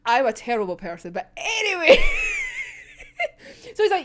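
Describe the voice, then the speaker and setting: Young woman, high voice, animated, rambling, swearing, laughing, casual recap. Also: moderate pace. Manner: excitable, rambling, swears a lot, laughs often. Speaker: manga reaction vlogger. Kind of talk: casual chapter recap and reaction.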